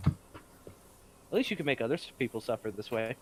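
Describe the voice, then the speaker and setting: Man, player and game master, casual joking chatter, mid-pitched, light noise floor. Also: animated, a little fast. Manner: joking, rambling. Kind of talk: casual chat after a tabletop game stream.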